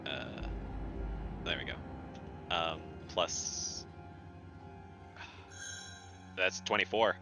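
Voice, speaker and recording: A man's voice: sits low, takes it slowly, over loud music. A man playing a tabletop game, chatting and joking with the table. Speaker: player. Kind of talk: casual tabletop game chat.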